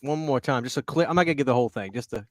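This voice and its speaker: A man's voice: medium pitch, rapid-fire, no echo, studio quality. A man hosting a casual podcast chat, laid-back and laughing often between fillers. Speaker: podcast host.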